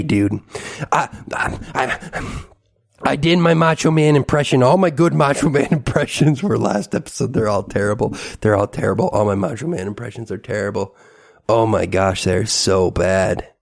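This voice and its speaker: A man's voice: mid-range voice, normal speed, gravelly. A man hosting a podcast in a casual, rambling monologue, ranting and mocking himself. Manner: animated, self-mocking ranting. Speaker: podcast host.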